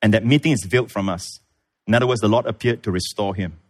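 A man preaching a sermon, retelling scripture with lively storytelling and acted-out voices. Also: quick pace. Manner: animated storytelling, acts out voices, big pitch swings. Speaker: pastor.

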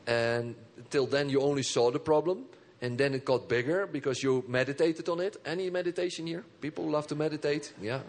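A man preaching a sermon in an animated way, often laughing and repeating his words. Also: mid-range voice.

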